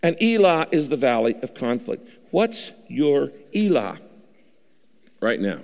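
A male pastor preaching a sermon, shifting his pitch and pausing dramatically for emphasis in a large church. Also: very animated, creaky, darkish tone. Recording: long hall reverb.

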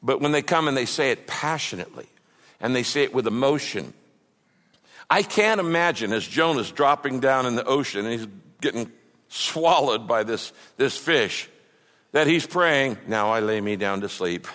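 A man preaching a sermon as a pastor, with impassioned delivery that swings from loud cries to mocking mumbles. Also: medium pitch, lively intonation, normal speed. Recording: long hall reverb.

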